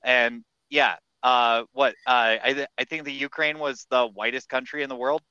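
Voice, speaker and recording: Crisp-voiced man on a dull, dry mic. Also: mid-range voice, steady tone, normal speed, sharp tone, no echo. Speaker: podcast co-host or guest. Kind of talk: casual chat.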